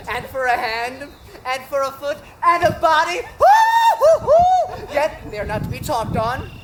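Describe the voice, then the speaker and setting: A woman's voice: fairly high pitch, poor audio. A woman playing a garrulous older nurse on stage, teasing and complaining with groans and laughs. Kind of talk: live stage acting.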